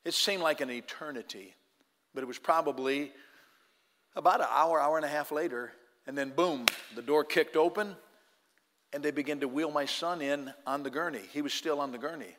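A man who was once a firefighter giving an emotional personal testimony to an audience, loud in tense moments and hushed in prayer. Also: on the high side, moderate pace, big-room sound, a little hiss or hum. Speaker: former firefighter telling a testimony.

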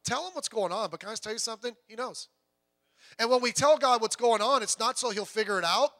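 A middle-aged man preaching a sermon as pastor, telling stories with big swings from quiet asides to shouting, often stammering and repeating words. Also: extremely high pitch, fast talker.

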